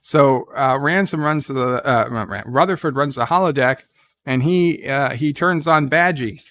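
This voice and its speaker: A man's voice: medium pitch, normal speed, fairly bright tone. A man giving a casual, rambling recap of a TV episode, full of fillers and restarts. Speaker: show reviewer.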